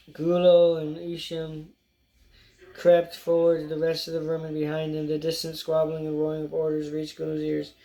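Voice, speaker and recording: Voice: medium pitch, completely flat delivery, moderate pace, mellow, poor audio. An audiobook narrator reading a story aloud in a plain way, with stumbles now and then.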